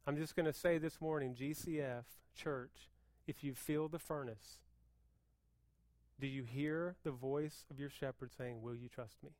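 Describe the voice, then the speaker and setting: Fervent high-voiced male pastor. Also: steady tone, measured pace, no room sound. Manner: swings from hushed intensity to loud fervent preaching. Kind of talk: sermon.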